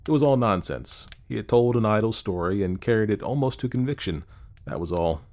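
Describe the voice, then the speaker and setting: Low-voiced male storyteller. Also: animated, a little fast, darkish tone. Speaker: audiobook narrator. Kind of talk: scripted narration.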